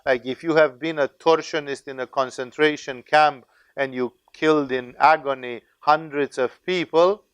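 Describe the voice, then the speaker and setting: A man's voice: on the high side, fairly even intonation, normal speed, a bit bright, clear, resonant tone, no echo. A man teaching as a spiritual teacher, lecturing in a discursive, conversational way with frequent tag questions.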